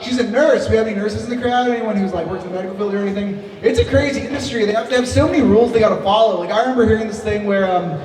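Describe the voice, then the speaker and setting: A man performing a stand-up comedy set, chatting and riffing with the crowd from the stage. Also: sits high. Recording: roomy live club sound from a distance with crowd. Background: audience laughter and chatter.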